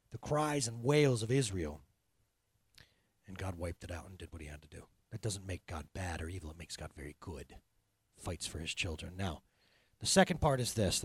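A man preaching a sermon as pastor, telling stories with animated energy that swings from quiet intensity to loud bursts. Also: mid-range voice, husky, dry recording, studio quality.

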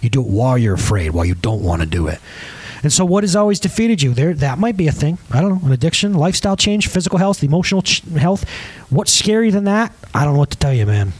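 A man pastor in his thirties preaching a conversational, emphatic sermon with audience asides and a slightly husky voice. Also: a little high, big pitch swings, fast talker.

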